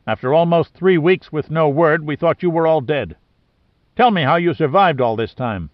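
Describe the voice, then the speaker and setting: A man's voice: fairly high pitch, expressive, normal speed, no room sound, voice pushed up, lightly acted. A man reading the part of a stern, authoritative older admiral in a story, speaking in a clipped manner. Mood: relieved. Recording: dry, slightly dull lo-fi sound.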